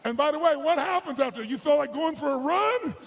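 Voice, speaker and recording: A man with a strikingly high, gravelly voice works a live audience in a big hall as a motivational speaker. He fires rhetorical questions at the crowd and commands them to act, breaking into rousing shouts. His delivery is fry-laden and relentless. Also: expressive, brisk, slight background noise. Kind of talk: high-energy seminar talk to a live audience.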